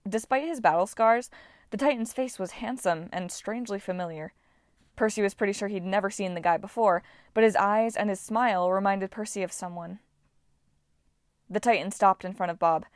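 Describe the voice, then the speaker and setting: A woman reading a novel aloud as a bedtime audiobook, calm and steady. Her voice sits mid-range and sounds dry and close, with no room echo. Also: mid-range voice, moderate pace. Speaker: audiobook reader. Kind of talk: audiobook narration.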